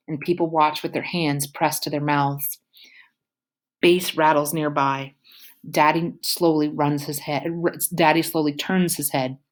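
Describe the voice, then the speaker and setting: A woman reads a novel aloud in a low voice. Now and then she drops into quiet whispered asides. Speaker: audiobook reader.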